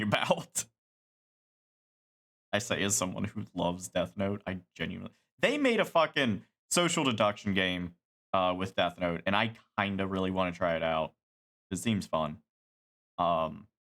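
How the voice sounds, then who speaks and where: A man chatting casually on a live stream, rambling and animated, swearing casually. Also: fairly low pitch.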